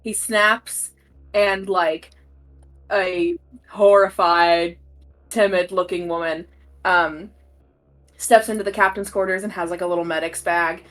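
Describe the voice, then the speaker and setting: A woman's voice: fairly low pitch, steady tone, slow pace, long pauses, fairly bright tone. A woman narrating as game master in a tabletop game, casual and full of fillers.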